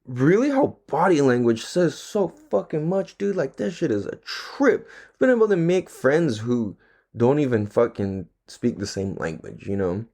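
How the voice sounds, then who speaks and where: A man's voice: mid-range voice, sing-song, unhurried, darkish tone. A man hosting a casual solo podcast, talking in a laid-back, slangy and profane way and laughing often. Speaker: podcast host.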